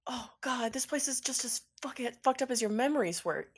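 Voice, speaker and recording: A woman's voice: a little high, lively intonation, brisk, slightly rough. A woman playing a tabletop game, wry and hesitant with fillers. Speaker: player. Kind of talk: casual tabletop role-play.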